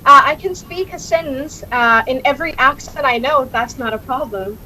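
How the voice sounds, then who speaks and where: A woman's voice: high-pitched, moderate pace, sharp tone, slight background noise, low-quality recording. A woman from India, answering interview questions chattily with many fillers and restarts. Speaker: guest, accent learner.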